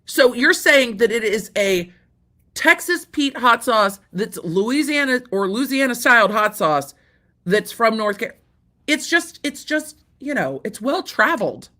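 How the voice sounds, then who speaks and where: A woman hosting a casual legal commentary show, bright and forceful in tone. She reacts with animated disbelief, repeats herself, and swears casually. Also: fairly high pitch, a little slow. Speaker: host.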